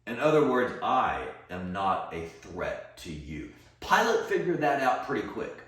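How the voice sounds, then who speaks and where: A man, preaching a Bible teaching sermon as a pastor, measured and explanatory, acting out quoted lines. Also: on the low side, sing-song, fairly bright tone. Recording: echoey room, from a distance.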